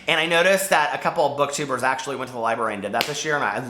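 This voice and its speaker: A man's voice: mid-range voice, very fast, bright, forceful tone, roomy sound, slight background noise. A man chatting casually to camera as a book vlogger, rambling and jumping between topics.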